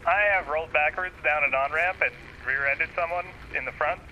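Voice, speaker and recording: A man in a game voice chat giving deadpan mock trucker radio reports. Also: fairly high pitch, fairly quick, muffled recording, slight background noise. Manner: deadpan, ends calls with "over".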